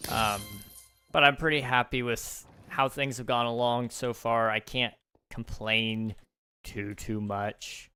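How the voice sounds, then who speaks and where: A young man live-streaming a game, chatting casually with viewers, relaxed and thinking aloud with fillers and small laughs. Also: medium pitch, slow, clean tone. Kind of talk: casual live-stream chat while gaming.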